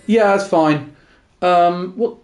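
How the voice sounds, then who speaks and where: A man co-hosting a casual gaming chat, enthusiastic and quick to tell anecdotes. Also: sits high, a little mellow. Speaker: co-host. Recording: faint music behind.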